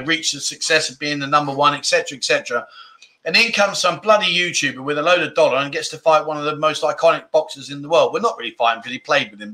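Bright-voiced chatty man. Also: fairly high pitch. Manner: chatty, laughs often, mild grumbling asides. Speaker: livestream host reading viewer comments. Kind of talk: casual chat.

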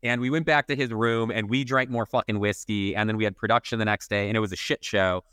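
A man co-hosting a casual podcast, spinning a long self-mocking anecdote and swearing at every turn. His voice is bright and crisp, and the sound is close and dry. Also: on the low side, steady tone, quick pace, no room sound. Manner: swears constantly while telling a rambling comic anecdote. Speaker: podcast co-host, photographer.

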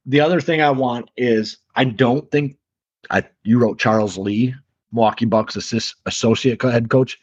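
A man's voice: medium pitch, moderate pace, a little mellow, breathy edge, no room sound. A man co-hosting a sports podcast in casual chat, blunt and opinionated, swearing freely. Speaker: podcast co-host. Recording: slightly muffled lo-fi recording.

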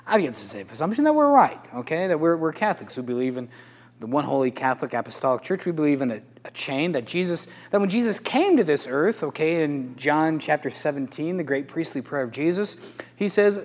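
A man, a Catholic priest, giving a casual, animated talk to a live audience, asking rhetorical questions. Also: fairly high pitch, fairly quick. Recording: echoey hall.

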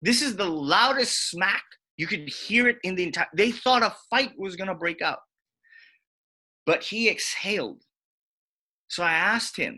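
Animated guy telling gym stories, bright voice, pitch all over the place. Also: unhurried, long pauses, husky. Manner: animated, acts out quotes with big pitch jumps. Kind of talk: casual storytelling chat.

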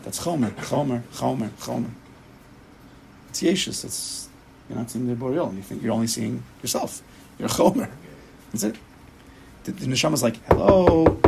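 A man teaching a Torah class as a rabbi, speaking emphatically and acting out inner voices in quick quoted asides. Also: mid-range voice, vocal fry, a little mellow, a little hiss or hum, poor audio.

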